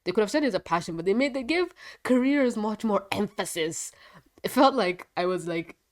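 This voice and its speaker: A woman with a congested voice chatting through a casual video review, rambling and quick to laugh. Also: medium pitch, expressive, a little mellow. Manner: a bit foggy and scattered. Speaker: show reviewer.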